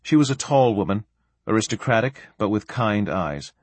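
A man narrating an audiobook in an expressive, varied delivery. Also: fairly low pitch, moderate pace, dry recording. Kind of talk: scripted narration.

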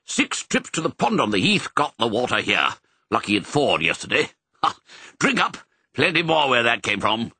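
A man's voice: medium pitch, big pitch swings, sharp tone, husky, dry recording, heavily acted. A man doing a bluff old sheepdog colonel. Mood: hearty. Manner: brisk, bluff, fatherly. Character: hearty elderly male sheepdog colonel. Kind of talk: audiobook character voice.

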